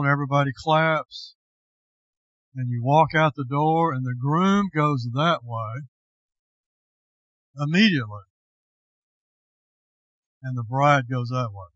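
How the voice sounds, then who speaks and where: A man, a pastor, preaching a sermon slowly and with deliberate emphasis. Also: fairly high pitch, fairly bright tone, dry recording, highs cut off.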